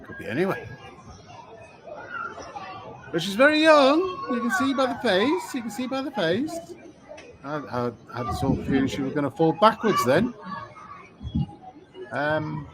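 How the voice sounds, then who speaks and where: A man's voice: high-pitched, sing-song, measured pace, long pauses, crowd noise, noisy background. A man hosting a live stream, chatting casually with many ums and restarts. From Britain. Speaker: livestream host.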